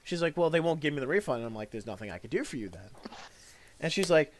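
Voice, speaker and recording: A man chats casually on a talk show, animatedly recounting customer service calls. His voice sits a little high, and he gets loud and lively when playing the rude callers. Faint noise hums under the recording. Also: quick pace. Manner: animated storyteller, acts out angry callers loudly. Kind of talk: casual chat, telling customer service stories.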